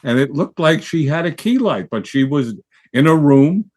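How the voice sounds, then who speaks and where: A man hosting a podcast, chatting reflectively and gently. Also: a little high, expressive, normal speed. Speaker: host. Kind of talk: casual chat.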